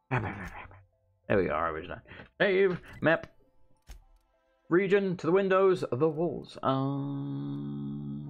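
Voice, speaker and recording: A man's voice: mid-range voice, gravelly. A man hosting a let's play, sarcastic, profane and joking as he plays. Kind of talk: casual gameplay commentary.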